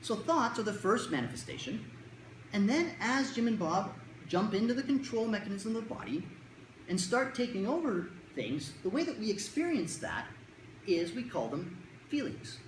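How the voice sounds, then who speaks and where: Lively lecturer in an echoey room. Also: mid-range voice, moderate pace. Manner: conversational, jokey, acts out quotes. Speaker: presenter on child anxiety. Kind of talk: lecture to parents. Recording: roomy echo, faint room noise.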